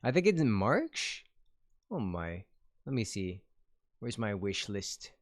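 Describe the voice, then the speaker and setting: A man streaming live and chatting casually with viewers, giggling often and gasping with excitement. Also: lowish voice, slow pace, no room sound, studio quality. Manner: giggly, excitable, gasps and frequent exclamations.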